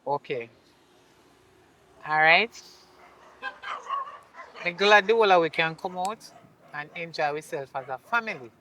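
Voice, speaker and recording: A woman's voice: fairly low pitch, measured pace, pauses often, bright, forceful tone, slight background noise, rough recording. A woman with a Jamaican accent playing a remorseful mother who pleads with her daughter in patois. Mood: heartfelt apology. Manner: pleading, apologetic, speaks in patois. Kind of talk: film acting.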